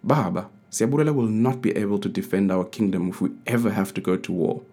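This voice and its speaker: A scheming younger prince who hides his ambition behind false worry. A man voices him low and husky, close to his own voice. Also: quick pace, dark tone. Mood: sly. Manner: feigned worry.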